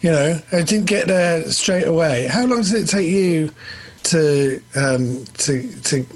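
A man's voice: a little high, expressive, takes it slowly, rough recording. A man interviewing a guest in a casual chat, asking long rambling questions. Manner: rambling, many fillers and restarts.

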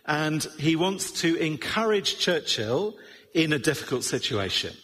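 A middle-aged man delivers a sermon in a slightly husky voice. His manner is chatty and self-deprecating, with wry asides. The long echo of a large church hall trails after each phrase. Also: fairly high pitch, very animated, unhurried, a bit bright. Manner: conversational, with wry asides and many fillers. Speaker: preacher.

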